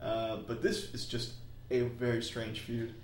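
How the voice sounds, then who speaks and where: A man's voice: medium pitch, monotone, unhurried. A man co-hosting a casual chat, rambling and often restarting his sentences. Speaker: podcast co-host. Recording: roomy echo with faint ambience.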